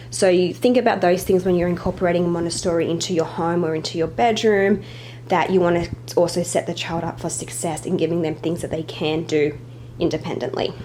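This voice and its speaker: Young woman vlogger, slightly breathless, chatty, low-ish register, faint hiss behind. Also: darkish tone. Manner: chatty, apologetic asides. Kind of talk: casual home tour narration.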